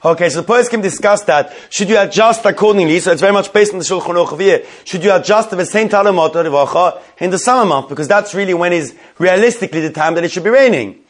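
Quick and nearly pause-free, a man with a high voice teaches a Talmudic-style halacha class. He raises questions aloud and reasons through the answers with lots of fillers.

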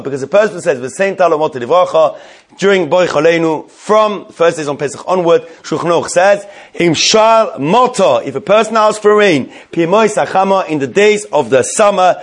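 A man's voice: fairly high pitch, animated, brisk. A man leading a Jewish law class, asking questions aloud and thinking through answers with many fillers. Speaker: Torah class teacher. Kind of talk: Talmudic-style halacha class.

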